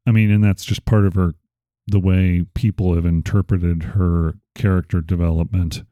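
A man's voice: deep voice, flat delivery, normal speed, warm tone, dry recording, lo-fi sound. A man hosting a podcast, chatting casually with a rambling, playful, self-correcting way of talking. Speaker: podcast host. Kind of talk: casual chat.

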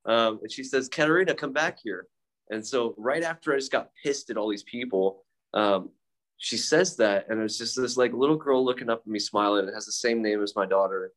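A young man with a slightly low voice shares his story at a recovery meeting. He talks casually and candidly. He swears freely, pokes fun at himself, and leans on fillers like "uh" and "like". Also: brisk. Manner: candid, profane, self-mocking, with frequent fillers. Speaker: speaker sharing at a recovery meeting.

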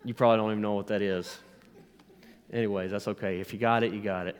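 A man's voice: fairly low pitch, fairly even intonation, fast talker, clean tone. A man pastor preaching a sermon with rising emphasis, asking the congregation to respond. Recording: long hall reverb.

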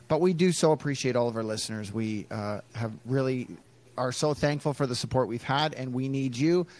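A man's voice: medium pitch, fairly quick, darkish tone. Male podcast co-host, mid-range voice, loose delivery, frequent fillers. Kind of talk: casual podcast chat.

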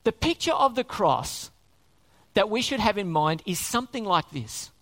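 An emphatic preacher in the middle of a sermon, the voice rising and falling with lively, wide swings in pitch. Key words come back again and again, and questions are put straight to the listeners. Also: normal speed.

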